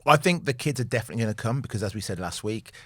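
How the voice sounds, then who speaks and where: A man's voice: lowish voice, animated, very fast, no room sound. A man hosting a casual talk show, easygoing, laughing readily and adding short agreeing interjections. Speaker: host.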